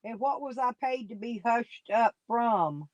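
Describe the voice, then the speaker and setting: A woman's voice: on the high side, expressive, a little slow, dry recording, highs cut off. A woman, sniffly and coughing, chatting casually and folksily with viewers on a live stream. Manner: folksy, rambling, talks straight to chat by name.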